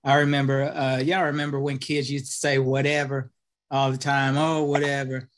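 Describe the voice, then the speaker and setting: A man's voice: mid-range voice, monotone, a little fast, fairly bright tone. A man, a pastor, talking in a plain, folksy way in a group discussion. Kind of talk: casual discussion.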